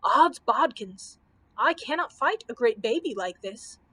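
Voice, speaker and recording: A woman's voice: on the high side, expressive, measured pace, a bit bright, breathy edge, exaggerated voice. A woman voicing a proud, gallant male knight who speaks in archaic, stately phrases in a storybook reading. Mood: stern.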